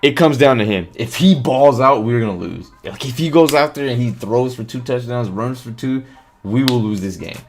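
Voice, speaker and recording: Animated man talking football on stream. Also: mid-range voice, normal speed, slight background noise. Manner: animated, swears, reads chat comments aloud. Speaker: live stream host. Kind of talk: casual sports talk on a live stream.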